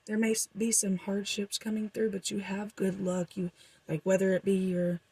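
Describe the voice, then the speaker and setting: A woman's voice: medium pitch, level tone, normal speed, dark tone, a little hiss or hum, poor audio. A young woman doing a casual, rambling tarot reading for her viewers, with frequent fillers. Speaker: tarot reader.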